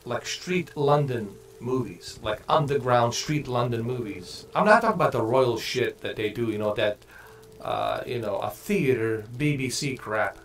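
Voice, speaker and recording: A man's voice: medium pitch, very animated, measured pace, slight background noise. Man rambling casually on a game stream. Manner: rambling, profane, many fillers and restarts. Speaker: gaming streamer.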